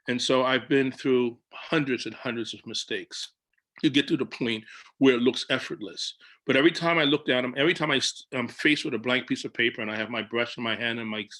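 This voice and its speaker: A man, a children's book illustrator, telling stories on a video call and acting out his own lines. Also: medium pitch. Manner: animated storytelling, acts out his own quoted lines. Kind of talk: casual talk on a video call panel.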